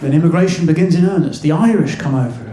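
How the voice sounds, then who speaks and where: A male stand-up comedian with a mocking, excitable delivery. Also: fairly high pitch, fast talker. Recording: echoey venue with laughing crowd.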